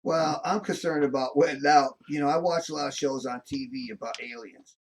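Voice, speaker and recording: A man's voice: a little high, moderate pace. A man, a comedian in a casual chat, rambling as he sets up jokes.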